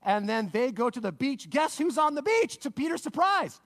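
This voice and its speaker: A man preaching a sermon to parents, telling a story with lively acted-out voices and dropping to a soft, low tone for emphasis. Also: fairly quick, few pauses. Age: adult parent. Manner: animated storytelling, acting out characters with big pitch swings. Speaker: pastor.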